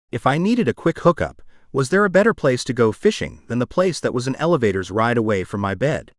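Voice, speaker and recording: A male narrator reads a first-person audiobook in a wry, conversational way, his pitch rising and falling widely. The recording is close and dry, with no room sound. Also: no room sound.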